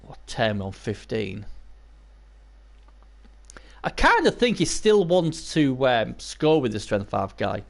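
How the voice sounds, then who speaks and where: A man casting a video game match live, hoarse and losing his voice, chatting to viewers and breaking into excited yelps. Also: slow pace, long pauses. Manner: excitable, bursts into high yelps and cheers; chatty, talks to viewers and chat by name. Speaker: live stream commentator. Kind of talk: casual video game commentary.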